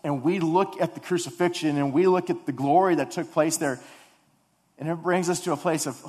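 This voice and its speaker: Guy preaching a sermon, loud then quiet, lots of repeated questions, long echo from the big room. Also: normal speed. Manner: swings between loud urgent build-ups and hushed low passages; rhetorical questions and repetition. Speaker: pastor. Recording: long hall reverb.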